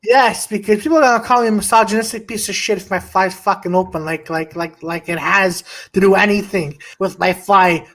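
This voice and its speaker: This live podcast co-host has a high voice with fairly even intonation, talking fairly quickly with hardly any pauses. He rambles through a story with heavy swearing and restarts, stopping mid-story to greet viewers in casual live-stream chat.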